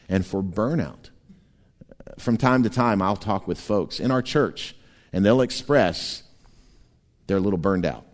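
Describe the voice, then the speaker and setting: A man's voice: lowish voice, a little mellow. A male pastor preaching a sermon in a conversational style that builds to emphatic, raised passages. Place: church sanctuary. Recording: long reverb of a church hall.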